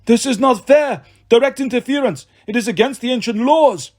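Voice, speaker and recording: A man voicing a vengeful male manticore monster, shouting in rage. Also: very high-pitched, normal speed, pitched above the performer's own voice. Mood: raging. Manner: howling, raging shouts.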